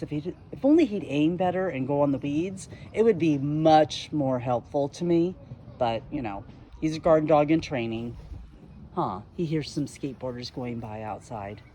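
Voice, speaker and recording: There's a faint hiss or hum behind this middle-aged woman's low, mellow voice as she chats for her garden vlog. Handheld camera, backyard setting, and a casual, folksy, rambling manner full of fillers.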